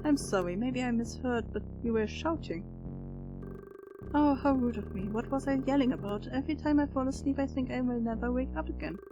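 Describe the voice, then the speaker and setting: A woman playing a gentle, chatty old lady. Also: on the high side, brisk, highs cut off, noisy background, lightly acted. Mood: wistful. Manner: polite, motherly, calls others dear. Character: frail elderly woman test subject, gentle and chatty. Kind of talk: game character voicing while playing.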